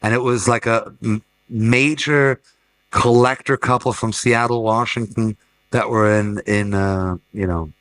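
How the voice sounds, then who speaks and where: A middle-aged man with a low, bright, forceful voice tells rambling anecdotes in a relaxed panel chat. He restarts his sentences a lot and wanders through his stories. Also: unhurried, rough recording. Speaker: art fair director and former gallerist. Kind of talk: casual panel conversation.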